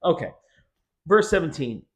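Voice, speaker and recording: A man's voice: fairly high pitch, big pitch swings, normal speed. A man pastor teaching a casual Bible study, conversational with joking, sarcastic asides.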